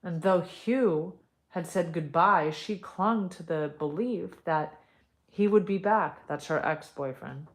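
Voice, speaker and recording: Slow, low-voiced woman reading a family story. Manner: reads slowly, breaks off into chatty asides. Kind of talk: casual storytime reading with asides.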